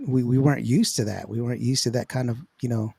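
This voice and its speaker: A man hosts a relaxed interview, asking long rambling questions full of fillers. His voice is mellow and warm, recorded dry and close with no room sound. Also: medium pitch, fast talker, vocal fry, breathy edge, dry recording. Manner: rambling, loose, with many fillers and restarts. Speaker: interview host. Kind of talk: casual interview chat.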